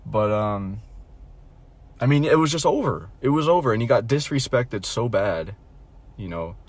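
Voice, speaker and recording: A man's voice: mid-range voice, animated, moderate pace. A young adult man telling a casual storytime rant, blunt and mocking, rambling with lots of fillers and restarts and frequent swearing. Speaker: vlogger.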